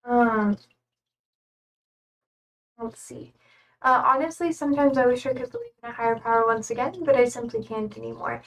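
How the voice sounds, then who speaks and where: A woman's voice: on the high side, normal speed, pauses often, distant mic, poor audio. A young woman streamer chatting casually in a rambling way with many fillers. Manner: rambling, many fillers, talking to her cats. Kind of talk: casual chat.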